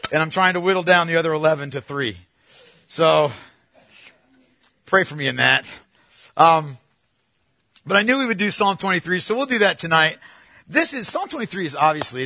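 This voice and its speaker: A man preaching a sermon as a pastor, talking conversationally with animated storytelling and frequent restarts. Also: on the high side, no room sound.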